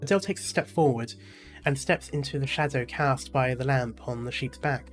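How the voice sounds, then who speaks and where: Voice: mid-range voice, normal speed, faint music behind. A gaming streamer reading a game's story aloud, with casual, chatty asides.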